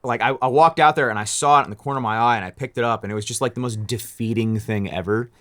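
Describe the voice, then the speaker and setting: A man's voice: mid-range voice, fairly even intonation, fast talker, fairly bright tone. A man who runs a small business, telling a story in a casual vlog, rambling with many restarts and fillers.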